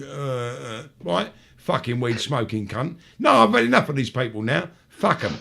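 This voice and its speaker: A man hosting a live-streamed talk show, ranting and swearing nonstop and slipping into high mocking voices when he quotes people. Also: sing-song, unhurried, gravelly, sharp tone. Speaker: show host.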